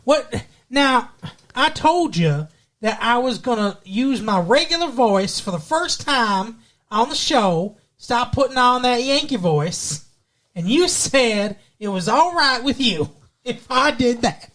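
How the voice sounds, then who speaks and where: A man's voice: very high voice, sing-song, slow, fairly bright tone. A man co-hosting a podcast, chatting jokily and rambling as he recaps a TV episode. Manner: jokey, rambling, slips into put-on accents and quoted voices. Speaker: podcast co-host. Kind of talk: casual chat recapping a TV episode.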